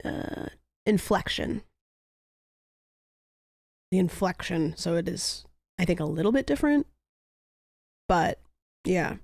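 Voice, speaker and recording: A woman's voice: on the low side, expressive, slow, creaky, pauses often, a little mellow, no room sound, clean studio sound. A young woman streamer in casual chat, rambling and musing aloud with lots of "like" fillers.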